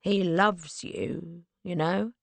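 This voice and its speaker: A woman voicing a brazen, tipsy young gentleman who pleads in a hushed, insistent voice in an audiobook. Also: fairly low pitch, steady tone, extremely slow, gravelly, dry recording, full character voice. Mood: smug.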